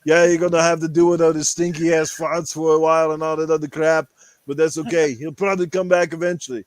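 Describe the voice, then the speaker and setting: A man's voice: a little high, level tone, fast talker, no echo, close to an everyday voice. A man doing a crude, boastful action-star impression. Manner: vulgar, boastful, rambling rants. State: rough throat.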